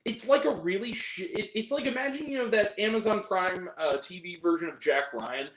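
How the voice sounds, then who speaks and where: Guy w a high voice ranting about a movie, exasperated, kinda echoey room. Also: normal speed. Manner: animated, exasperated, mocking impressions. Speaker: movie reviewer. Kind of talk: casual spoken movie review. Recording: roomy echo.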